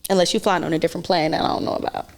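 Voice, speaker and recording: A woman's voice: on the low side, steady tone, rapid-fire, creaky. A woman in her thirties co-hosting a casual podcast chat, blunt and teasing, laughing often. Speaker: podcast co-host.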